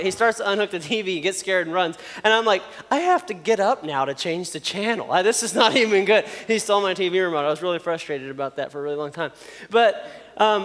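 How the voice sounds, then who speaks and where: A man with a somewhat high voice giving a casual youth sermon, telling stories and checking in with his young listeners. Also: fairly bright tone. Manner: chatty storyteller, checks in with "okay?". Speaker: youth speaker. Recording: long reverb of a hall.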